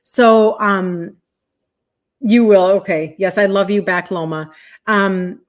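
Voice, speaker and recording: Woman, 50s, American accent, live-stream host, casual chat, rambling, quick laughs, mid pitch. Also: fairly even intonation. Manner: chatty, rambling, quick laughs, talks straight to viewers. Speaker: health coach hosting a live stream.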